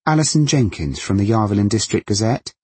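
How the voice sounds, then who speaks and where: A man voicing a jaunty young woman journalist, loud and brisk on the phone. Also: fairly low pitch, expressive, breathy edge, no echo, voice pushed up.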